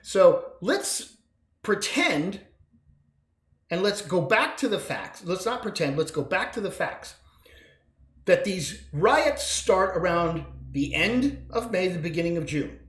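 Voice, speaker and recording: A man's voice: high-pitched, sing-song, slow, a bit bright, roomy sound. A man hosting a solo political commentary podcast, combative and sarcastic, with sudden emphatic bursts. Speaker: podcast host.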